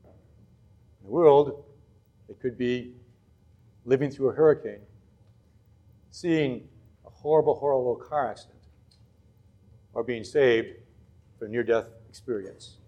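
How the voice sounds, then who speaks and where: A man serving as pastor, reading scripture aloud and then preaching in an earnest, measured way. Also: mid-range voice, dark tone.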